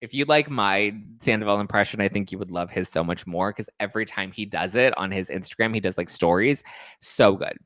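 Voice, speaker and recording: A man hosting a casual chat show, talking in a gossipy, animated way. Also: fairly low pitch, a little fast, dry recording, studio quality. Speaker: host.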